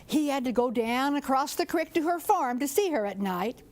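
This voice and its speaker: An older woman from southern Indiana, telling a folktale in a lively, expressive way. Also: high-pitched, normal speed. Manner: lively, expressive, audience-engaging. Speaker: storyteller.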